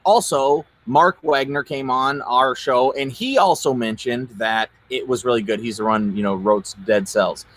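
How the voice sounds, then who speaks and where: A man co-hosting a casual chat, rambling in a relaxed, slangy way. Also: mid-range voice, measured pace, hardly any pauses, a little hiss or hum. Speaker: co-host.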